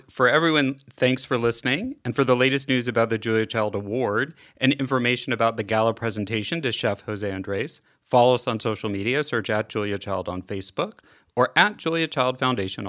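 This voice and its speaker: A man hosting a podcast interview, polite, reading the closing announcements smoothly. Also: medium pitch, a bit bright. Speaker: podcast host. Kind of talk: interview and scripted outro.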